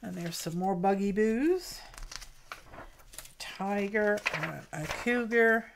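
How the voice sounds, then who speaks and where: A woman's voice: medium pitch, expressive, slow, creaky, a little hiss or hum. A woman hosting a craft livestream, chatting casually and cooing over mail she opens, a little tired. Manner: cooing and chatty, greets viewers by name. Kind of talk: casual chat opening mail.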